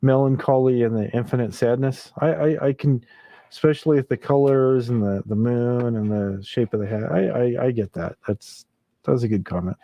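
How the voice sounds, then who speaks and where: A man's voice: mid-range voice, moderate pace, warm tone, no echo, muffled recording. A man hosting a casual late-night livestream, chuckling often and reading viewer comments aloud. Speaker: livestream host.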